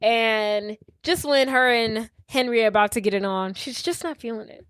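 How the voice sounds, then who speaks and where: A woman's voice: on the high side, normal speed, a bit bright, clean tone, no echo, studio quality. A young woman co-hosting a podcast, casually retelling a movie plot and acting out the characters' lines. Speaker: podcast co-host.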